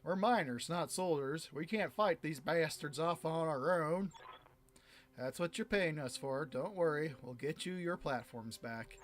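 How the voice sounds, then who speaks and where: A man performs a hard-bitten leader of miners from a video game, speaking in a put-on accent with a raised, forceful delivery. He wants revenge, not rescue, and demands that the commander make the enemy bleed. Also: fairly high pitch, unhurried, a little hiss or hum, lightly acted. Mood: grim, vengeful. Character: gruff male miners' leader, vengeful.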